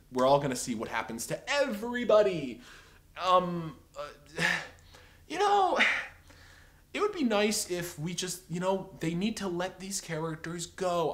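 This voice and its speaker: A man giving an opinionated, rambling TV review, exasperated and sarcastic, full of filler words. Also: fairly high pitch. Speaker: TV episode reviewer.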